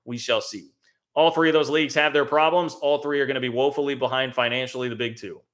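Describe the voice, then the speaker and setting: A man hosts a live college football stream in a bright, forceful voice. He talks in a conversational way, thinks aloud and pushes his points with emphasis. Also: medium pitch, steady tone, quick pace. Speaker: college football show host.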